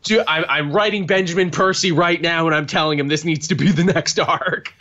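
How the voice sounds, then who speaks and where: A man's voice: on the high side, brisk, bright, forceful tone, lo-fi sound. A man co-hosting a podcast, bantering casually with dry jokes. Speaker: podcast co-host. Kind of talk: casual chat.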